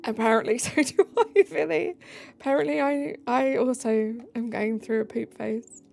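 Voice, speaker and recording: Tired british girl chatting on stream, bit of fry in her voice, faint music under it. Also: on the high side, moderate pace. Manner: chatty and giggly, drops into soft asides. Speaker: live streamer. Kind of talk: casual live-stream chat, reading chat aloud.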